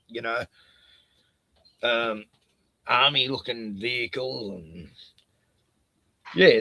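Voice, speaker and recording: Gravelly Australian man, blunt and heated. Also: medium pitch, fairly bright tone, dry recording. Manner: blunt, heated, laughs at own points. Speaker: podcast host. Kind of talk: casual chat.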